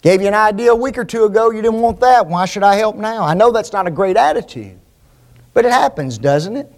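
High-voiced man preaching a sermon. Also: lively intonation, brisk. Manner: rhetorical tag questions, emphatic repetition.

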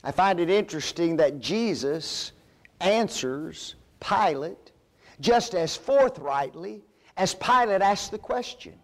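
Give me a male preacher teaching scripture, slow, emphatic, high-voiced. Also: lively intonation. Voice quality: emphatic, with rhetorical questions. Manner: addresses listeners as folks. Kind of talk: sermon-style Bible lesson.

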